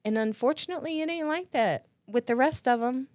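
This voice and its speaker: A woman's voice: high-pitched, fairly quick, a little mellow, no room sound. Playful woman, dry sound. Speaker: podcast co-host. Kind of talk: casual chat.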